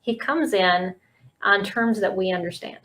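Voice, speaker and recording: A woman's voice: medium pitch, measured pace, fairly bright tone, low-quality recording. A woman hosting a podcast interview, speaking reflectively with frequent restarts and fillers. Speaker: podcast host. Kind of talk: casual interview conversation.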